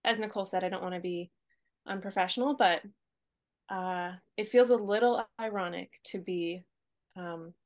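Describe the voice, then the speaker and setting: A woman co-hosting a podcast, telling her story in a relaxed way and laughing easily. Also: fairly low pitch, moderate pace. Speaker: podcast co-host. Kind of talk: casual podcast chat.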